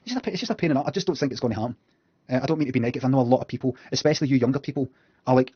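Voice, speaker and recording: A man's voice: mid-range voice, very fast, husky, no echo, highs cut off. A Scottish man streaming at his computer, reacting to videos with blunt, sweary, sardonic commentary. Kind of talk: casual live commentary. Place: indoors at a computer.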